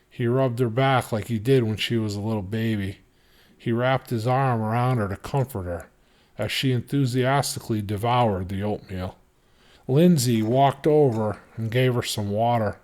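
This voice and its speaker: A man reading a novel chapter aloud in steady, measured narration. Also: medium pitch. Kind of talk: audiobook reading.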